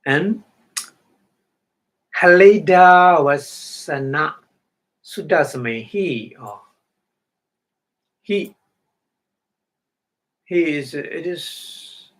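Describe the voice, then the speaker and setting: A man whose first language is Burmese gives a dharma talk at an unhurried, deliberate pace. His English is halting and full of fillers and repeated words, and he chants Pali passages now and then. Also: a little high, animated. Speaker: meditation teacher.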